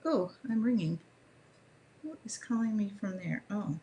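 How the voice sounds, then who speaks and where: A woman's voice: mid-range voice, expressive, a little slow, dark tone. A middle-aged woman hosting a live art journaling demo, chatting casually and laughing often as she works. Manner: chatty, laughs often, talks while working.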